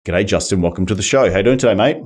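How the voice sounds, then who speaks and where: Brief: Australian man, interview host, rapid upbeat delivery. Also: on the low side, a little mellow, slightly rough. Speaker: podcast host. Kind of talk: casual interview.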